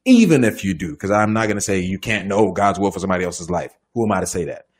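A man with a low, slightly husky voice talks through a question like a minister giving advice. He is relaxed and conversational but very animated, jumping up in pitch to mimic the people in his stories. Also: fast. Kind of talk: casual Q&A advice talk.

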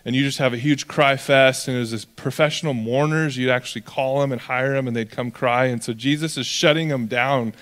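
A young man preaching a sermon as pastor, in a conversational, animated way that acts out characters. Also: medium pitch, fairly quick, few pauses. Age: young adult. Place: church hall. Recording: long reverb of a church hall.

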